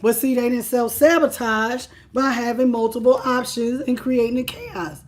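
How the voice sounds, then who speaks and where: A woman's voice: fairly high pitch, fairly even intonation, moderate pace, a little hiss or hum. A woman doing a live tarot reading. She talks straight to viewers, greets the chat by name and repeats phrases for emphasis. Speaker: tarot reader.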